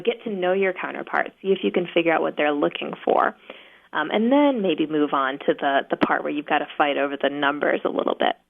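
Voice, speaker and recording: A woman negotiation trainer, a guest on a talk show, explaining tactics in a practical, steady way with many fillers. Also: lowish voice, vocal fry. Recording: phone-line guest audio.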